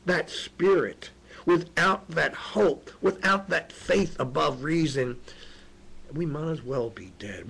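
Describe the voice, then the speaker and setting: A man hosting a web show, delivering an inspirational spiritual monologue that swings from hushed reflection to raised, emotional appeals. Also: a little high. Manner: emotional, apologetic.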